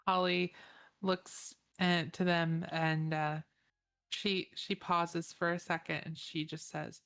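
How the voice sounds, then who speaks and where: A woman's voice: fairly low pitch, little pitch movement, takes it slowly, a bit bright, smooth. A woman describing her character in a tabletop game, hesitant and searching for words. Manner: hesitant, many fillers and restarts. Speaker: player.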